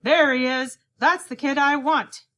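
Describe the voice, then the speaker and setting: A loud bossy cigar-chomping boss, as a woman puts him on. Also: high-pitched, big pitch swings, normal speed, pitched above the performer's own voice, exaggerated voice. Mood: blustering. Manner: shouting, pushy. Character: loud blustering company president man with a cigar.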